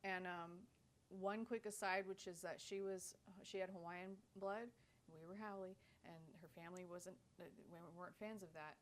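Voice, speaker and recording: A woman's voice: on the low side, normal speed, slight background noise. Woman telling stories on a podcast, laughs a lot, acts out what ppl said. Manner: animated storyteller, laughs often, acts out quotes. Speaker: podcast co-host. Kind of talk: casual storytelling chat.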